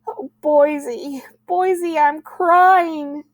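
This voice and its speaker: A woman's voice: mid-range voice, expressive, a little slow, a little mellow, dry recording. A woman reading aloud voices a moody, self-pitying teenage girl who pleads and wails melodramatically. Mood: wailing.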